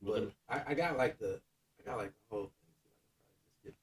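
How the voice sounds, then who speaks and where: A man's voice: mid-range voice, lively intonation, normal speed, far from the mic, slight background noise. A man co-hosting a podcast in playful, casual chat, laughing a lot. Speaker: podcast co-host.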